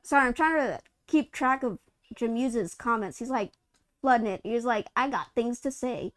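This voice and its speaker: A woman's voice: on the high side, expressive, moderate pace, dry recording, clean studio sound. A woman co-hosting a live gaming news stream, ranting hard with profanity and firing off exasperated rhetorical questions. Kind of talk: casual live-stream chat.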